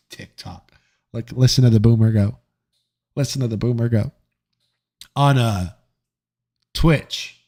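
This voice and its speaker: A man hosting a live stream, chatting casually with viewers in a joking, profane and animated way. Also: medium pitch. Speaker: livestream host reading chat.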